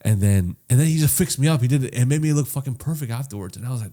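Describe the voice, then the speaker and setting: A man's voice: medium pitch, rapid-fire. Profane storytelling podcast guy. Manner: profane, animated storytelling that swings loud and soft. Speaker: podcast co-host. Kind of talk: casual chat, storytelling.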